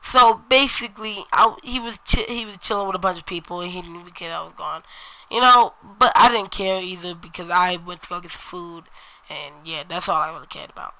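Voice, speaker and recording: A woman's voice: fairly low pitch, brisk, sharp tone, low-quality recording. A woman vlogger telling a personal story in a casual, rambling way, full of slang and fillers like "you know".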